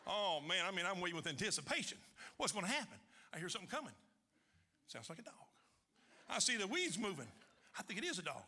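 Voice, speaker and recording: A man telling a funny hunting story on stage before a large audience, folksy and animated, loud in the quoted lines. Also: sits high, quick pace, long pauses. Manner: folksy, animated, shouting punchlines in quoted voices. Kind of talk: live comic storytelling.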